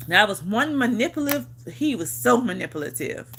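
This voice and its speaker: A woman chatting on her vlog in a bright, forceful, fairly high voice. She is emphatic and repetitive, swears freely and laughs often as she tells her own story. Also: sing-song, moderate pace, vocal fry, hardly any pauses, a little hiss or hum. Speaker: vlogger on a livestream. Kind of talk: casual storytelling chat.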